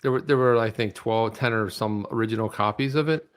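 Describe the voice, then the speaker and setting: A man's voice: fairly low pitch, fairly quick, smooth. A man co-hosting a casual livestream, playful and joking, rambling a little as he tells a story. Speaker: co-host.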